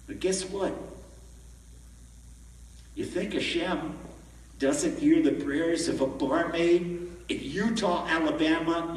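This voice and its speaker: A man giving an animated storytelling sermon as a rabbi at a conference, recorded from far off in a large echoey hall. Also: on the high side. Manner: animated, acts out the story in voices.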